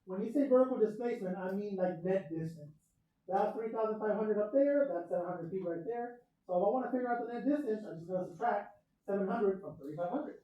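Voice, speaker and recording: A male math teacher gives a chatty classroom lesson to students, recorded for video, in a high, warm, fast voice with dull audio. He often quizzes the class and drifts off on tangents.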